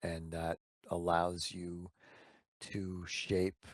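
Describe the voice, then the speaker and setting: A man co-hosting a podcast, answering slowly and hesitantly in casual chat. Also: low voice, completely flat delivery, dry recording. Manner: unhurried, hesitant, with fillers. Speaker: podcast co-host.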